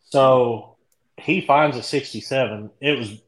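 A middle-aged man from Indianapolis with a Kentucky country accent, a podcast guest chatting loosely and telling stories in a drawn-out, rambling way. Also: mid-range voice, rough recording. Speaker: guest, dent repair tech. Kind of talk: casual podcast chat.

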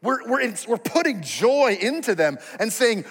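A man's voice: very high voice, sing-song, unhurried, few pauses, fairly bright tone, breathy edge. A male pastor preaching a sermon in a conversational, emphatic way. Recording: reverberant hall.

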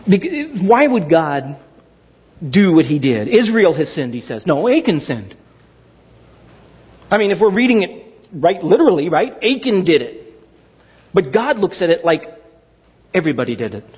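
A man preaching a sermon with a husky voice, animated and dramatic, acting out quotes in his stories. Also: fairly high pitch. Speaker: pastor. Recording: dull sound in a large reverberant hall.

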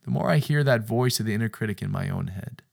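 With a fairly low, creaky voice and a quick pace, this man speaks on a podcast like a preacher. He repeats phrases for emphasis and shifts from hushed, almost whispered lines to sudden loud bursts.

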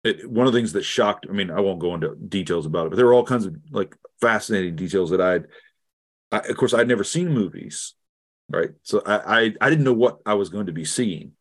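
Earnest deep-voiced man telling a story. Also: expressive. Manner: earnest, halting, many restarts. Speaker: guest theologian. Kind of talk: reflective storytelling in conversation.

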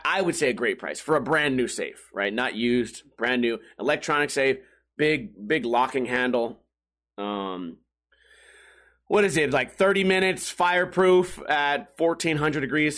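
A man hosting a podcast, telling rambling, profane stories in a casual, comedic monologue with jumpy, animated delivery. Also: mid-range voice. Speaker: podcast host.

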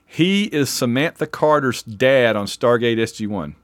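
A man's voice: mid-range voice, lively intonation, a little slow, dry recording. A man co-hosting a podcast in casual chat, talking as an eager fan who often breaks off and restarts. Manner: chatty, enthusiastic fan, self-interrupting. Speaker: podcast co-host.

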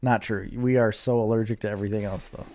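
A man's voice: on the low side, steady tone, fast talker, a little mellow, a little hiss or hum. A man in casual chat who asks curious questions, teases, and laughs often.

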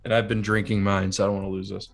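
A man's voice: fairly low pitch, level tone, very fast, vocal fry, faint music behind. A man co-hosting a casual whiskey-tasting podcast, describing flavors in a laid-back way. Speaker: podcast co-host.

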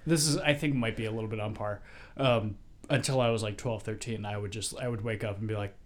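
A young man co-hosting a podcast, chatting casually and telling stories in a rambling, animated way. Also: fairly low pitch, quick pace. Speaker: podcast co-host. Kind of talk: casual chat, telling a joke.

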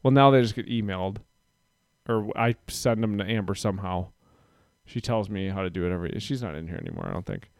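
A man's voice: deep voice, very animated, fast, creaky, no room sound, studio quality. A man chatting casually on a podcast, rambling and self-deprecating as he talks. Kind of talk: casual chat.

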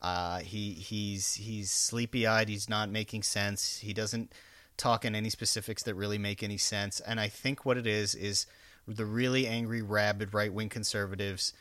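A man's voice: fairly low pitch, level tone, normal speed, a bit bright, no room sound. A man co-hosting a casual political chat, blunt and sardonic, swearing freely. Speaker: podcast co-host.

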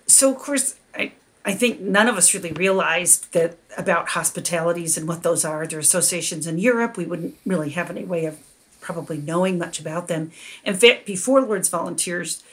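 A woman guest answers in an interview, explaining things in a measured way. Her voice sits a little low. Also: a bit bright. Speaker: guest, pilgrimage organizer.

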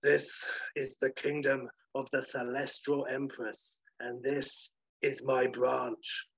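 A man voicing a sleepy, slow-drawling male tree sloth with stuffy formality in a spoken story. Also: mid-range voice, level tone, fairly bright tone, breathy edge, heavily acted. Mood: mocking drawl. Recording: dull lo-fi recording.

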